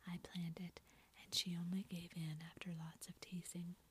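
A woman's voice: on the low side, level tone, moderate pace, slight background noise, close to an everyday voice. A woman whispering a playful, gallant teenage boy, as whispered role-play. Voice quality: breathy whisper.

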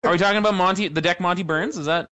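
A man's voice: sits high, racing, bright, forceful tone, slight background noise. A man co-hosting a podcast, heckling his co-host with crude, teasing jabs in casual chat.

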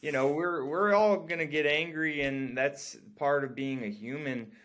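A man in casual conversation who talks haltingly, repeating words as he gathers his thoughts. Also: a little high, a bit bright. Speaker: conversation partner.

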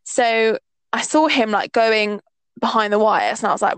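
Telling stories as a podcast co-host, this young Northeast England woman chats casually and says "like" a lot. Her slightly high voice is clear and resonant at normal speed, with no echo, though the recording is rough.

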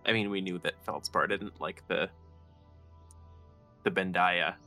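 A man's voice: sits low, fairly even intonation, unhurried, sharp tone, soft background music. A man playing in a tabletop game, asking questions in a casual way. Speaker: player.

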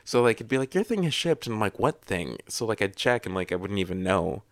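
Easygoing young man, low voice. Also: big pitch swings, brisk, no echo, studio quality. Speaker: podcast co-host. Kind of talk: casual chat.

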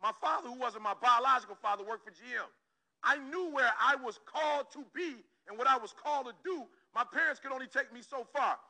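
A man from Detroit delivers a motivational talk in a very high, sharply bright voice. He speaks emphatically and keeps calling on the listeners directly, driving each point home with repetition. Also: poor audio. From Detroit, Michigan, USA.

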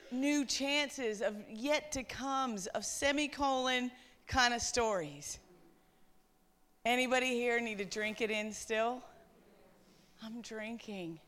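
A woman's voice: fairly high pitch, a bit bright. A woman with a Newfoundland accent, a pastor preaching fervently at a women's conference. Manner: fervent, exhorting. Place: large room with an audience.

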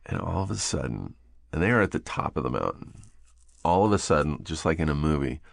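A middle-aged man with a very low, deep voice spins a casual, swear-laden story as a podcast guest. He gets animated and laughs as he goes. The sound is close and dry, with no room around it. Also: brisk, vocal fry, no room sound.

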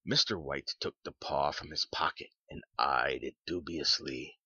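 A man narrating a storybook in measured reading. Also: extremely low pitch, sharp tone, breathy edge, no echo. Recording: dull lo-fi sound.

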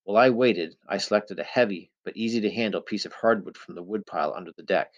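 A man reading a first-person adventure story aloud with measured, tense storytelling. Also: lowish voice. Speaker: audiobook narrator. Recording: dull lo-fi recording.

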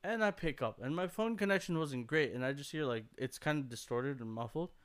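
A man's voice: on the high side, brisk, clear, resonant tone. A young man telling a story in casual podcast chat, swearing freely and acting out the voices of the people he quotes. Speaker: podcast co-host.

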